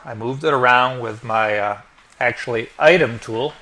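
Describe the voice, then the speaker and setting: A man narrating a software tutorial step by step as the instructor, explaining each click as he goes. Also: medium pitch, moderate pace, a little hiss or hum. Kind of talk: screen-recorded tutorial narration.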